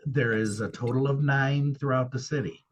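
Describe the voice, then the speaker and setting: A man's voice: mid-range voice, steady tone, moderate pace, lo-fi sound, crowd noise. A man who owns a paranormal venue, speaking as a guest in a casual interview and telling his experiences earnestly and emphatically.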